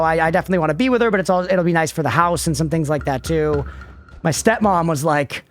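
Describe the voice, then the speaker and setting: A man's voice: a little high, a little fast, slight background noise. A man in his thirties streaming a game, rambling casually, laughing often and swearing to chat. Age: 30s. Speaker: livestreamer. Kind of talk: casual gaming commentary to chat.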